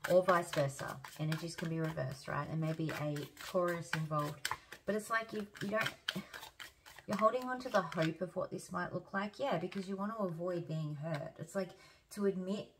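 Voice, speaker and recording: A woman giving a casual tarot reading, chatty and hoarse as she loses her voice, thinking aloud with fillers and restarts. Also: fairly low pitch, a bit bright, a little hiss or hum. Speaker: tarot reader.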